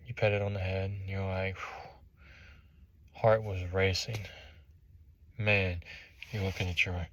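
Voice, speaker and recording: A low-voiced motivational speaker tells a story in the second person, animatedly acting out each scene in vivid detail. The recording is dry.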